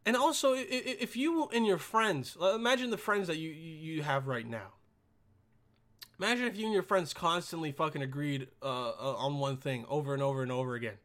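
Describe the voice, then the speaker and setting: A young man hosting a podcast in a casual, rambling monologue, swearing constantly and swinging between mumbles and loud outbursts. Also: on the high side, animated, moderate pace. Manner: profane, rambling, jokey. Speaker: podcast host.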